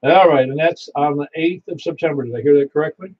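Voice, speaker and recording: A man with a fairly high voice talks fast while running an amateur radio net as net control. He reads announcements in a rambling, folksy way, repeating details to confirm them. The recording sounds slightly dull, with a faint hiss.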